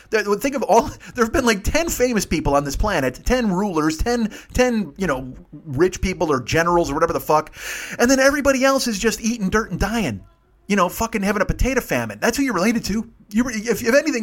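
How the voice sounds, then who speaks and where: A man tearing through a rambling comic rant, cursing constantly as he hosts his podcast. He talks at a rapid clip in a voice a bit higher than most men's. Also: fairly bright tone. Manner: ranting, rambling, heavy swearing. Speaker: podcast host. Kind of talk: profane comedic monologue.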